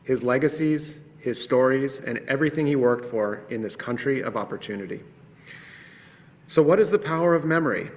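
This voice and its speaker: A man's voice: mid-range voice, moderate pace. A young man reading a personal remembrance at a ceremony, earnest and reflective. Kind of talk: personal testimony read aloud. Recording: reverberant hall.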